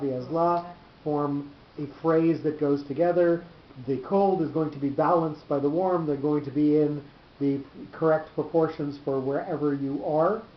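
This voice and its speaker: A faint hiss runs under this dull, lo-fi recording of an echoey room where a man teaches a small class. His voice sits slightly above the typical male range, and he speaks in a measured, halting way, repeating words and doubling back as he explains.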